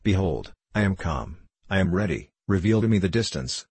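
A man reading aloud puts on a portly, excitable Frenchman who declaims every line as high tragedy, in a low, husky voice. The storybook reading sounds dry and close. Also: normal speed, no echo. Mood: melodramatic.

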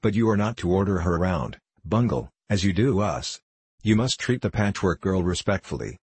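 A man's voice: deep voice, animated, normal speed, a little mellow, husky, dry recording, full character voice. A man reading the part of a stern old male magician in a storybook, lecturing and matter-of-fact.

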